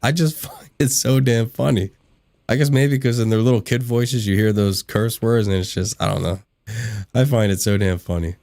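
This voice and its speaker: Chatty low-voiced man hosting a game stream. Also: steady tone, normal speed, creaky, a little mellow, no room sound, studio quality. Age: adult. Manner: chatty, laughs often, reads out chat replies. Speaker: livestream gaming host. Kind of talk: casual chat while gaming.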